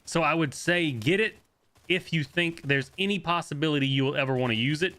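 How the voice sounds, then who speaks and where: A young man streaming a shooter game, talking fast and loose as he plays, swearing, laughing and answering chat. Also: on the high side, pushed and bright. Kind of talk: live gameplay commentary.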